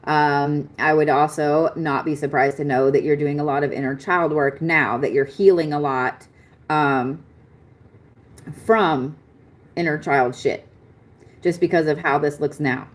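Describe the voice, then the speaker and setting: Low-voiced chatty woman reading astrology. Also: a little slow. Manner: chatty, excitable, swears casually. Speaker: astrology reader. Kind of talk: live-stream astrology reading.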